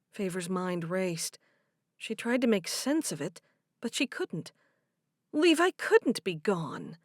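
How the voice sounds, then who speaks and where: Woman narrating a story, lively tone, dry close studio sound. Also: medium pitch, no room sound. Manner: even, measured storytelling. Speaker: audiobook narrator. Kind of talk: scripted narration.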